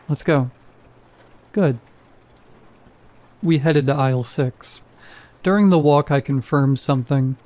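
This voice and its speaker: Male horror narrator, mellow low-key timbre, deadpan wit. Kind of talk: scripted first-person horror narration.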